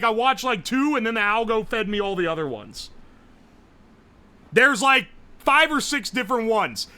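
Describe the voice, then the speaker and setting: A young man streaming live, rambling and swearing as he goes, loud and excitable. His voice sits high and swings up and down a lot, with a bright, forceful edge. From United States. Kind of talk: casual live-stream chat.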